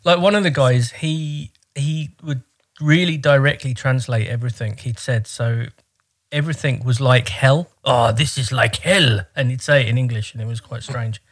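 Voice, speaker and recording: A man's voice: medium pitch, fairly even intonation, normal speed. Wry, rambling man in casual chat. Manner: rambling, many fillers, wry.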